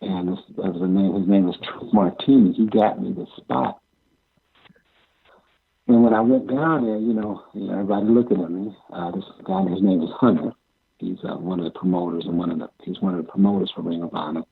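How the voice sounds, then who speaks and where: An older man telling stories from his wrestling career in an interview, halting and repeating himself, often chuckling. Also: sits low, animated, gravelly, slightly rough. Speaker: amateur pro wrestler. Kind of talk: interview storytelling. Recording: tinny phone-like sound.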